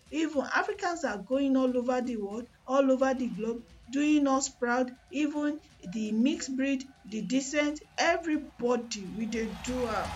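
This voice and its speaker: A woman with a Nigerian Pidgin accent hosting a live radio sports show, switching between Pidgin, English and Yoruba and hyping her listeners. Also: sits high. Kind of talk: lively radio show banter. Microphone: studio mic.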